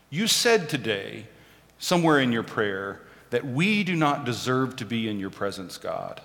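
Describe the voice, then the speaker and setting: Male preacher, expressive delivery, wry storyteller, hall reverb. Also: medium pitch, a little slow, vocal fry. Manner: storytelling with self-deprecating humor. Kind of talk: sermon.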